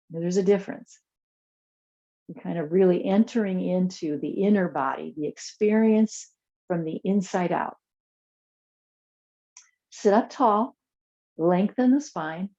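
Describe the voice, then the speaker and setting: Woman yoga teacher, low mellow voice, calm soothing cues, slightly muffled recording. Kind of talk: guided chair yoga class.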